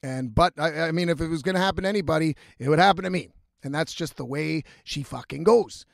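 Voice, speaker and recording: Young man, casual vlog storytelling, profane and rambling, higher voice, dry close sound. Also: no room sound. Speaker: vlogger.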